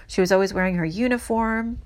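A woman with a mid-range voice narrates history from her notes. Her delivery is casual and earnest, emphatic yet halting, with many restarts.

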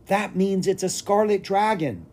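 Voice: very animated, a little slow, mellow, slight background noise. A reader voicing an eager young boy prince in a children's storybook reading. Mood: thrilled. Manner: eager, pleading, pitch jumps up.

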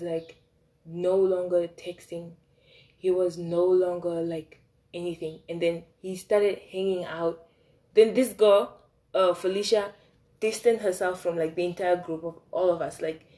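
A young woman telling a casual storytime. She talks in a chatty, animated way, with lots of fillers and swearing. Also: lowish voice. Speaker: vlogger.

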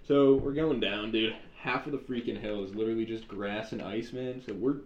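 A young man telling a childhood story in casual chat, slangy and animated, saying dude a lot. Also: fairly low pitch, normal speed, over a noisy crowd. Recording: roomy, dull sound with faint ambience.

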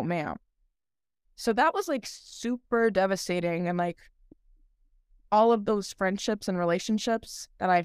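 A woman's voice: medium pitch, smooth, no room sound, clean studio sound. A young woman co-hosting a podcast, telling her story in casual chat with lots of filler words and a laugh here and there. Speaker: podcast co-host.

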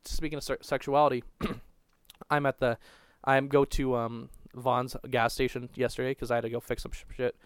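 A man's voice: medium pitch, little pitch movement, normal speed, clean tone, dry recording. A young man telling a crude, rambling story on a casual podcast, swearing constantly and restarting his sentences. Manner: profane, rambling, restarts a lot.

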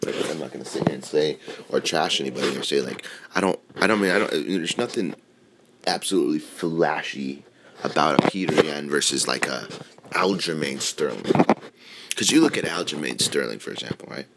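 Brief: man, very low gravelly voice, casual rambling host, swears a lot. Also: moderate pace, heavy background noise. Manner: rambling, filler-heavy and swears freely. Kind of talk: casual opinion talk on mixed martial arts.

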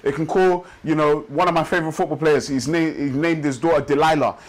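Guy preaching, pretty high voice, repeats lines with a steady beat and slows down to hit the big points. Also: poor audio. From Nigeria. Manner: rhythmic preaching with repeated phrases, slows for emphasis. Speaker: pastor. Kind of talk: sermon. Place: church service.

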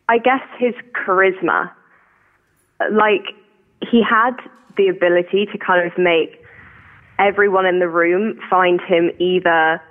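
A woman with a posh southern English accent, chatting as a caller and laughing often at herself. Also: lowish voice. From England. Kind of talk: casual chat. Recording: tinny phone line.

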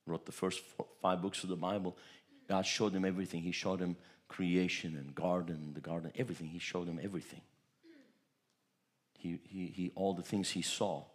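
A man from Turkey delivers a church sermon in a somewhat low voice. He tells personal stories with animated energy, often repeating words as he goes. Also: normal speed. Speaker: pastor.

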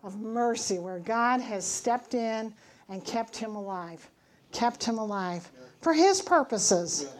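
A woman's voice: on the high side, expressive, takes it slowly. A middle-aged woman giving an earnest church testimony, teaching from scripture and telling her story with emphatic, acted-out dialogue.

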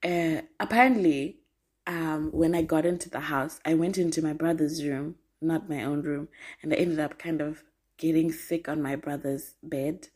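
Young woman host, low husky voice, lively casual storytelling with frequent laughter. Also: moderate pace. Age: 20s. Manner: animated, laughs often, slangy asides. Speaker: podcast host.

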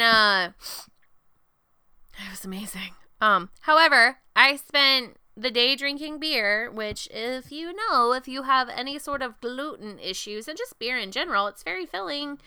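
A young adult woman co-hosting a casual chat podcast, telling animated, profane stories and acting out what others said. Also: a little high, clear, resonant tone, dry recording. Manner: profane, animated storytelling with quoted voices. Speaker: podcast co-host.

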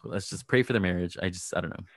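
A man with a fairly low voice recaps a reality TV episode for a podcast. He is gossipy and sarcastic and keeps slipping into mock quotes of the cast. The sound is dry and close. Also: quick pace, gravelly, a bit bright, dry recording. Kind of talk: casual chat.

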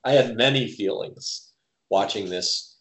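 A man's voice: lowish voice, a bit bright, reverberant. A man co-hosting a casual wrestling podcast, giving opinions with careful hedges. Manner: opinionated, measured hedging. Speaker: podcast co-host. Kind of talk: casual chat.

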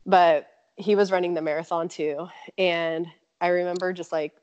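A woman's voice: on the low side, normal speed, smooth, no echo. A woman telling a personal story as an interview guest, laughing often and acting out what people said. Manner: animated, laughs often, acts out quotes. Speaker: marathon runner guest. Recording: dull lo-fi remote audio.

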